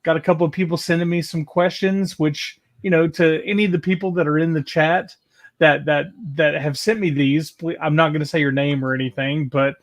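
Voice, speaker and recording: A male co-host chatting casually in a laid-back way, rambling with halting restarts. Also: fairly high pitch, fairly even intonation. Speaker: show co-host. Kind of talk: casual livestream chat.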